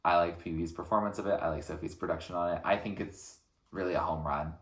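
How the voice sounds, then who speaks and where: A man reacting to an album track by track, talking in an earnest, thoughtful way with frequent pauses between phrases. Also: deep voice, fairly even intonation, fairly bright tone, reverberant. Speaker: music reaction channel host. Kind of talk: reflective album reaction commentary.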